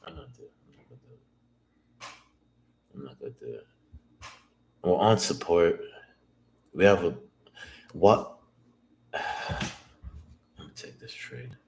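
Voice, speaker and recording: A day trader streams live, thinking aloud to himself, swearing and second-guessing every move. His low voice is a little mellow with vocal fry and lively intonation; he takes it slowly and pauses often, in a room with echo and faint background noise.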